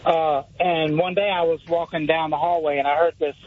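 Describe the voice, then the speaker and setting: A man's voice: a little high, steady tone, moderate pace. A man in his seventies from Atlanta, calling in to a radio show and telling a rambling anecdote, acting out the people in it. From Atlanta, Georgia, USA. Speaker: caller. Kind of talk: phone-in storytelling. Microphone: telephone. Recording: muffled phone line.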